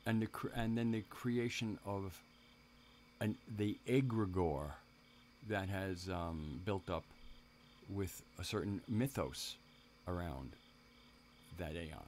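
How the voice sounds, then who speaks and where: A man's voice: low-pitched, takes it slowly, darkish tone, a little hiss or hum. A man hosting a live stream, talking casually in a rambling way, with many restarts and asides to his viewers in the chat.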